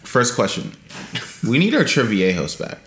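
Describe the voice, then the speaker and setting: A man's voice: on the low side, huge pitch swings, moderate pace, fairly bright tone, reverberant. Blunt, dismissive podcast co-host man. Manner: blunt, dismissive, swears freely. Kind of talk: casual chat.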